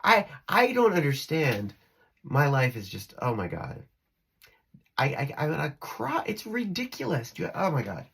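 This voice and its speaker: Rambling gravelly-voiced man vlogging. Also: a little high, wildly swooping pitch, a little slow, a bit bright. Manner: rambling, giggly, restarts often, drifts between topics. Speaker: spiritual vlogger. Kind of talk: rambling monologue to camera. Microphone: phone camera.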